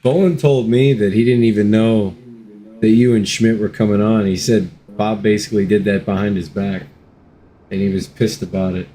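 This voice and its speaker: A man's voice: on the low side, fairly even intonation, moderate pace, dark tone, slight background noise. A man chatting casually on a stream as co-host, laid-back and swearing now and then. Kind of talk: casual chat.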